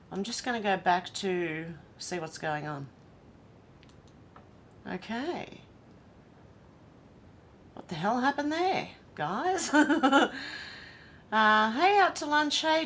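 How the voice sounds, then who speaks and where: A woman's voice: on the high side, a bit bright, slight background noise. An Australian woman hosting a casual livestream, chatting and reading viewer comments aloud one by one. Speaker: livestream host.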